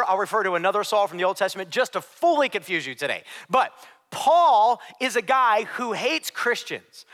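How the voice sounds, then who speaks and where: A male pastor preaching to his congregation in a long-reverberant church hall. His voice sits high and bright, and he moves between emphatic points and chatty asides in an easygoing sermon style. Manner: emphatic, conversational preaching with side notes. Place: church sanctuary.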